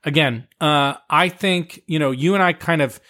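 A man's voice: fairly high pitch, normal speed, pushed and bright. A middle-aged man co-hosting a podcast in casual chat, rambling and joking with plenty of fillers. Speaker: podcast co-host.

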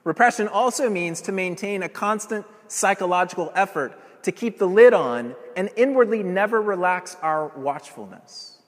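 Man, preacher, sermon, earnest and emphatic, rhetorical questions, slightly high voice. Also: lively intonation, normal speed, few pauses, big-room sound.

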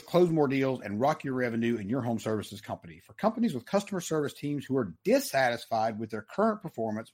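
A man with a Southern US accent hosting a podcast with energetic, hyped-up salesman delivery. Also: medium pitch, husky. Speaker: podcast host.

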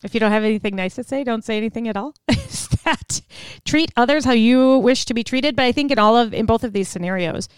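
A woman hosting a podcast, telling stories in an animated way and laughing often as she acts out other people's voices. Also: fairly high pitch, a little fast, clean tone, no room sound. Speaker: podcast host. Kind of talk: storytelling monologue.

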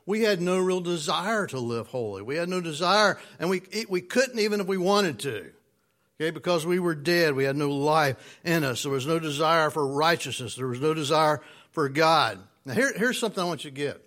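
Man preaching with drawn-out emphasis. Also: a little high, animated, a bit bright. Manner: conversational preaching, asks the congregation questions; drawn-out emphatic words, playful asides. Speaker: pastor. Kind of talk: sermon.

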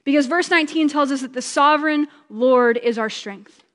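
A woman preaching a conversational sermon, chatty and joking, slowing down for emphasis. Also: high-pitched, fairly bright tone, in a large hall.

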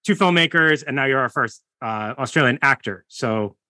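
A man's voice: medium pitch, moderate pace, sharp tone, dry recording. A man hosting a podcast interview in a casual, upbeat way. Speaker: podcast host.

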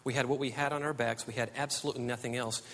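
Earnest preacher with long hall reverb. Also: male voice, medium pitch, steady tone, rapid-fire, a bit bright. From United States. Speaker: pastor. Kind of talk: sermon.

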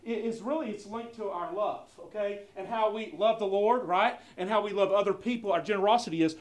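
A pastor preaching a sermon, asking the congregation questions, swinging from soft asides to loud, emphatic stretches with many fillers and repeats. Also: male voice, sits high, fairly quick, few pauses, roomy sound, distant mic. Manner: animated call-and-response preaching, asks the congregation questions; conversational with frequent fillers and repeated words.

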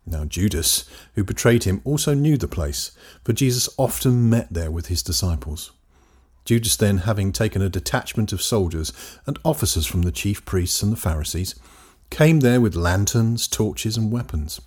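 Man, Bible teacher, husky voice, low pitch, emphatic scripture reading, dramatic pauses. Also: lively intonation, a little mellow.

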